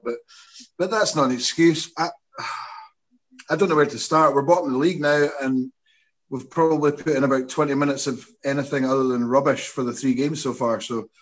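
A man who is a regular guest on a football podcast, sardonic and blunt in his verdicts. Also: mid-range voice. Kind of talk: casual podcast chat.

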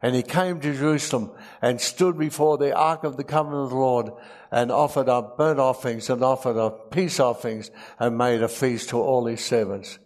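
A man's voice: medium pitch, steady tone, moderate pace, a little mellow. A man preaching a sermon, reading scripture aloud and adding emotional, humorous asides.

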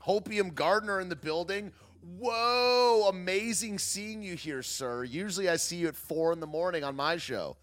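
Animated sarcastic male livestream host. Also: high-pitched, normal speed, few pauses. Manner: sarcastic, laughs often, reads chat aloud. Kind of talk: casual livestream commentary.

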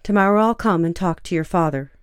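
A woman voicing a nervous, awkward young woman scribe who speaks in a halting, low-key way. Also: clean tone, no room sound, clean studio sound, close to an everyday voice.

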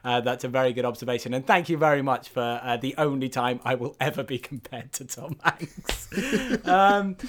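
A man co-hosting a podcast in casual chat, animated and laughing often, with excited protests. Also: on the high side. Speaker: podcast co-host.

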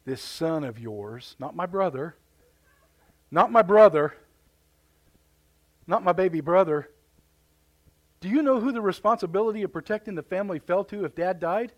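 A man's voice: high-pitched, animated, moderate pace, pauses often. A man preaching, voicing a resentful, indignant older brother who complains bitterly. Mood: accusing.

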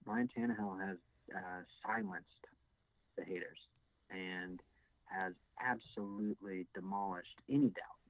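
A man's voice: low voice, gravelly, no echo. A man co-hosting a casual sports podcast, hesitant with many fillers and restarts. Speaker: podcast co-host. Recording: tinny phone-like sound.

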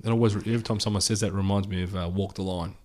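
A young Australian man co-hosting a casual sports podcast, blunt and dry, his sentences often trailing off quietly. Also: lowish voice, fairly even intonation, racing. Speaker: podcast co-host.

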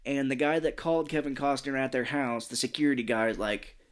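A man's voice: medium pitch, steady tone, fairly quick. A man co-hosting a podcast, retelling a movie's scenes in casual chat, acting out quoted lines and swearing freely. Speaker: podcast co-host.

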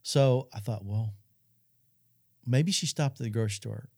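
Middle-aged man, Christian talk host, earnest storyteller, warm low tone, dry close sound. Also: unhurried, dry recording. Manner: earnest storytelling, addresses audience. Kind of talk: Christian talk show testimony.

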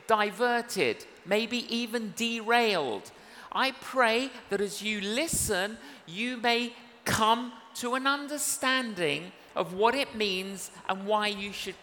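A male evangelist preaching a sermon in a church service, earnest and unhurried, acting out dialogue in his stories. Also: high-pitched, pushed and bright. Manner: slow, earnest, acts out dialogue in anecdotes. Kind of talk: sermon with storytelling. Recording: reverberant church hall with faint noise.

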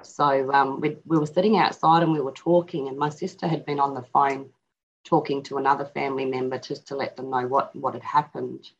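A middle-aged woman telling a personal story as an interview guest, halting and reflective, with frequent restarts. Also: a bass voice, level tone. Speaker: guest and author. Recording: dull lo-fi audio.

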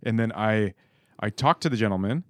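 A man's voice: fairly low pitch, moderate pace, dry recording, clean studio sound. A man co-hosting a podcast, chatting casually and swearing freely while telling stories. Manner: swearing, animated storytelling. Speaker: podcast co-host. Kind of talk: casual chat.

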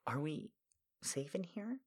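Timid young woman flyer, a man doing her voice, hushed and fearful. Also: on the high side, husky, exaggerated voice.

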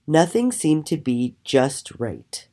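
A woman telling a children's story aloud with an expressive, animated storytelling manner. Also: deep voice, takes it slowly. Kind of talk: storybook reading.

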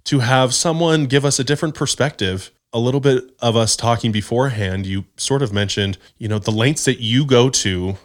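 A man co-hosting a podcast, telling stories in an animated, emphatic way. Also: mid-range voice, normal speed, few pauses. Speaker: podcast co-host. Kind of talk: casual chat.

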